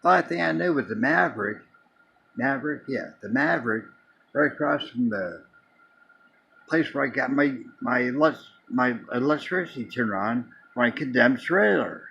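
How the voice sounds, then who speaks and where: A man's voice: mid-range voice, lively intonation, normal speed, vocal fry, bright, forceful tone, dull audio, slight background noise. A man casually telling a long personal story in a rambling way, restarting and repeating words as he goes. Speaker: vlogger.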